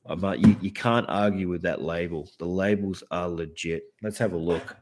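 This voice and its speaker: A man's voice: deep voice, steady tone, normal speed, a little mellow, a little hiss or hum. A man in his thirties with an Australian accent, chatting casually to camera about his cards, laid-back and swearing freely. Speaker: card collector and channel host.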